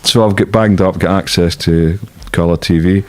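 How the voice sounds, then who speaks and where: Low-voiced Scottish man telling blunt stories. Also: steady tone, normal speed. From Scotland. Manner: blunt, swearing freely, laughing at his own stories. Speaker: interview guest. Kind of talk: casual storytelling interview.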